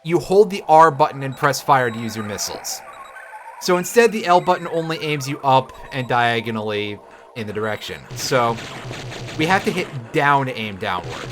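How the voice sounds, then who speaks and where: A man's voice: medium pitch, very animated, moderate pace, fairly bright tone. A man streaming a game, giving casual, sarcastic commentary with swearing and jokes. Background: game music.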